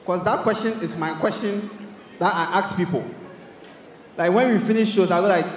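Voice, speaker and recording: A young Ghanaian man with a Ghanaian English accent doing animated stand-up comedy, acting out characters with shouts. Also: sits high, moderate pace, pauses often, roomy sound, long reverb tail. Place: large hall with live audience.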